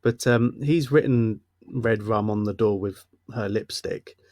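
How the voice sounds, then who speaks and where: A man co-hosting a podcast, casually recapping a horror film and laughing softly. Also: lowish voice, a little slow, no echo, clean studio sound. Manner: relaxed, recaps plot with soft laughs. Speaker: podcast co-host.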